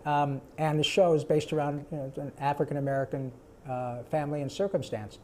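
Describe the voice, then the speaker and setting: A voice actor answering audience questions at a live panel, animated and quick to slip into character voices. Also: male voice, a little high, slight background noise. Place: event stage before a live audience.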